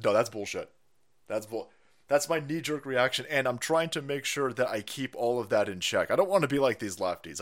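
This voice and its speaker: A man's voice: medium pitch, fairly bright tone. A man hosting a casual ranting live stream, profane and mocking, laughing often and putting on silly voices. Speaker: political stream host.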